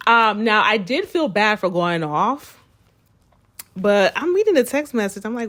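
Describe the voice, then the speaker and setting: A young woman chatting casually to viewers in a storytime, animated and calling them y'all, acting out the people she quotes. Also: mid-range voice, moderate pace. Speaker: storytime vlogger.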